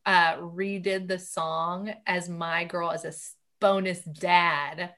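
Co-host, a woman in her thirties with a bright, sharp voice, casual and chatty. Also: fairly low pitch, flat delivery, slow pace. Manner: warm reactive listener, fills in with short asides. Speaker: podcast co-host. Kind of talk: casual chat.

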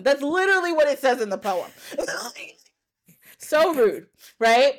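Animated laughing woman telling a story. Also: high-pitched, a little slow, pauses often. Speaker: podcast host. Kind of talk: casual storytelling chat.

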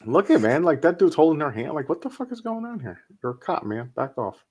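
A man's voice: a little high, big pitch swings, a little fast, darkish tone, breathy edge. A man co-hosting a podcast, giving blunt, profane commentary while watching a movie. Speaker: podcast co-host. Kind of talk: casual movie-watching chat.

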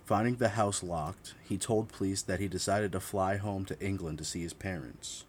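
Deep-voiced man narrating true crime, blunt and profane. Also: fairly even intonation, normal speed, slight background noise. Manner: reads steadily, breaks off into profane, blunt asides; corrects his own slips mid-sentence.

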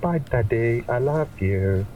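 A man's voice: mid-range voice, expressive, slow, muffled recording, pitched above the performer's own voice. A man voicing a sweet half-octopus little girl with a British accent. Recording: distant mic with faint background noise.

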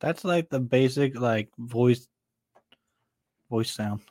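A man's voice: mid-range voice, takes it slowly, a little mellow, no room sound. A man co-hosting a casual podcast, joking around and laughing often. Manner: joking, laughs often, breaks into silly voices. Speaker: podcast co-host. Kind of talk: casual chat.

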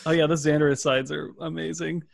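A man's voice: a little high, little pitch movement, fairly quick, gravelly, no echo. A man co-hosting a podcast, chatting casually and playfully as he guides the discussion. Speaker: podcast co-host. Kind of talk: casual chat.

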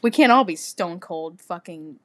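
A young woman co-hosting a casual podcast chat, loud and profane, breaking into quick laughter. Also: fairly low pitch, expressive. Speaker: podcast co-host.

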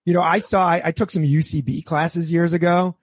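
A man's voice: a little high, steady tone, brisk, breathy edge. A man hosting a casual podcast chat, laid-back and profane, chiming in with stories.

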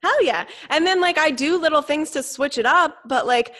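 A woman's voice: high voice, normal speed, fairly bright tone. A young woman co-hosting a podcast in casual chat, blunt and emphatic, swearing freely as she gives fitness advice. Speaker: podcast co-host.

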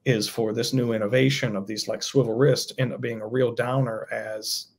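A man's voice: mid-range voice, flat delivery, normal speed, gravelly, a little hiss or hum. A man talking casually about his own toy project as a guest, thinking aloud with loose restarts. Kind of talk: casual interview chat.

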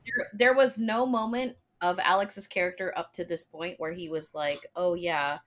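A woman's voice: medium pitch, steady tone, moderate pace. A woman co-hosting a podcast, emphatically and profanely explaining what drives a film character. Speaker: podcast co-host. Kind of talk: casual chat discussing a film.

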